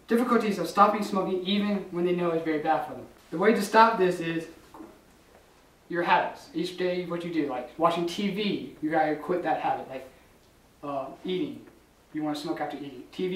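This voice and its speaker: A man's voice: fairly high pitch, a little fast. A young man presenting facts in an amateur comedy sketch, stumbling as he half-reads from notes. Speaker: guest presenter. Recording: echoey room with the camera far off.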